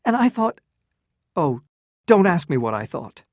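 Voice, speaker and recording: A narrator voicing a torn, impassioned young gentleman who speaks earnestly and urgently in a storybook reading. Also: medium pitch, lively intonation, unhurried, dry recording, clean studio sound.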